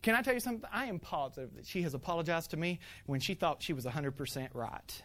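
A man preaching to a congregation, telling playful stories about his family with laughter and lively acting-out. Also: fairly high pitch, fast talker. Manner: animated, playful storytelling with laughter. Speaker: pastor. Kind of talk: sermon with personal stories.

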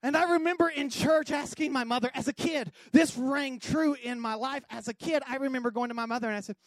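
A male pastor preaching a sermon, moving from quiet storytelling to exuberant shouting. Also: very high-pitched, brisk, no room sound.

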